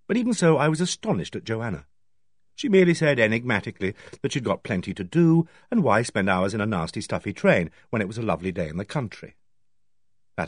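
A man reading an audiobook in the first person, with a measured, wry delivery. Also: mid-range voice, dry recording, studio quality. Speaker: audiobook narrator. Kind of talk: audiobook narration.

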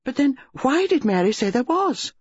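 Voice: high-pitched, big pitch swings, moderate pace, breathy edge, no room sound, voice pushed up, exaggerated voice. A reader voicing an insistent upper-class English wife who speaks urgently and firmly, in a dull lo-fi storybook recording. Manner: urgent, firm.

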